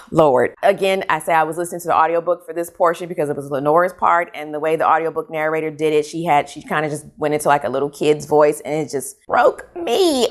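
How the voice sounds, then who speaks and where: A woman retelling a story in a casual spoiler review, lively and animated, laughing and slipping into the voices of the people in it. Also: low-pitched, brisk. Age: young adult or older, a mother. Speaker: book reviewer.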